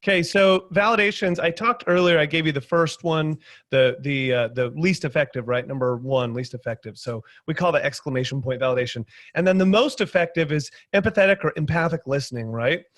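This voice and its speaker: A man on a panel video call, explaining sales techniques in lively conversational talk and acting out quotes. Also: a little high, brisk, no room sound. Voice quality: animated storyteller, acts out quotes loudly.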